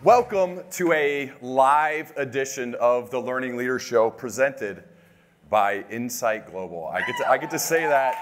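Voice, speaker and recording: A man's voice: mid-range voice, moderate pace, noisy background. A man hosting a live podcast and recapping it afterwards, enthusiastic and full of praise. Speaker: podcast host.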